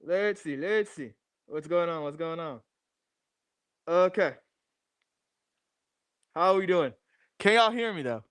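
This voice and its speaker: Young male streamer, restless and repetitive; high-ish voice, smooth and clean on a dry close mic. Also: animated, takes it slowly, pauses often, a bit bright, no room sound. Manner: restless, repeats phrases while fiddling with gear. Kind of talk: casual livestream chat. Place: home garage. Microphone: new desk microphone.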